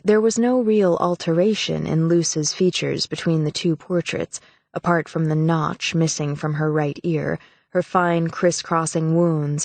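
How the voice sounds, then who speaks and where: A woman reading an audiobook as a measured, even narrator. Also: deep voice, no room sound. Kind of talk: scripted narration.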